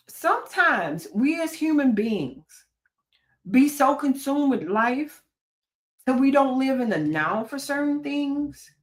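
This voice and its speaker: A woman therapist talking to her listeners in a preachy, folksy way, with repeated phrases, joking asides and many rhetorical questions. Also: medium pitch. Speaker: therapist and podcast host. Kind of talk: solo talk to listeners.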